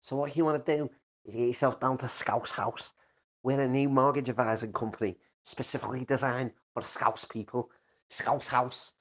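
A man doing a breathy Liverpool ad man. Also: mid-range voice, steady tone, normal speed, natural voice. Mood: salesy. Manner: salesy parody ad read. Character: smooth Liverpudlian mortgage adviser.

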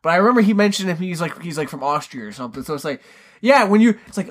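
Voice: mid-range voice, lively intonation, racing. Crude, joking podcast co-host. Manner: crude, joking, swears freely. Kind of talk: casual movie-review chat.

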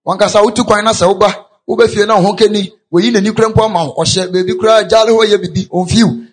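A man interpreting a sermon live, quickly repeating each of the preacher's phrases after him. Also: high voice, steady tone. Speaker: church interpreter.

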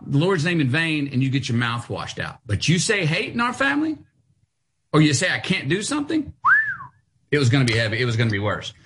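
A middle-aged man with a lilt spins an animated tale, his voice swooping up and down as he acts out the people in it. He sits a touch high in pitch and carries the story with bursts of energy. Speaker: guest. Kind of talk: casual interview storytelling.

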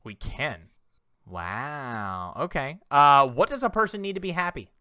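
Male podcast co-host in his 30s, teasing quizmaster, bright tone, dry close sound. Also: a little high, animated, unhurried, smooth, no echo. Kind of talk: casual chat.

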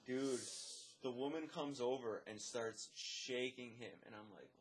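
A man who works as a lifeguard and swim instructor, telling a story in casual chat, animated, swearing, and acting out the dialogue. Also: medium pitch, a little slow. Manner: animated, swears, many fillers; acts out dialogue, drops to a whisper.

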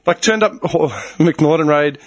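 A man in his thirties with an Australian accent, telling a story in casual chat, animated and swearing a lot as he acts out what people said. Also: on the high side, takes it slowly.

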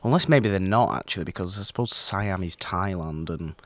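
A man's voice: sits low, brisk, no room sound. A man co-hosting a casual film discussion, rambling and often restarting his sentences. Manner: rambling, self-interrupting, animated.

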